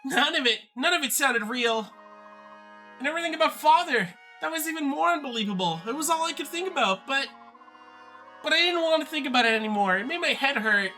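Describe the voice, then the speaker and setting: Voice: high-pitched, lively intonation, a little fast, bright, forceful tone, faint music behind, pitched above the performer's own voice. A streamer voicing a young, earnest and anxious sister character from a video game, reading the dialogue aloud. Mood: troubled.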